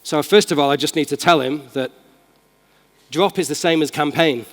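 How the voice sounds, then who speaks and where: In a large hall with lengthy reverb, a keynote speaker with a Manchester accent demos tech live, upbeat and informal. His voice sits on the high side with a fairly bright tone, and his pace is moderate.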